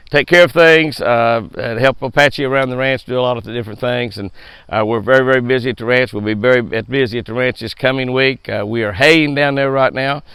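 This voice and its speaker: A man's voice: mid-range voice, a bit bright, smooth, dry recording. Folksy older man with a drawl. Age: 70s. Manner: folksy, upbeat, repeats words often. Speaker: fishing show host. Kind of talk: casual chat to viewers.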